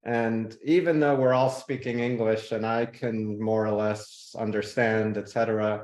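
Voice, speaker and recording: A man guest in a podcast interview, telling relaxed stories and now and then mimicking people. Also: lowish voice, echoey room. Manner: relaxed, laughs easily, mimics people in anecdotes. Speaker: guest, tech innovator. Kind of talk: conversational interview storytelling.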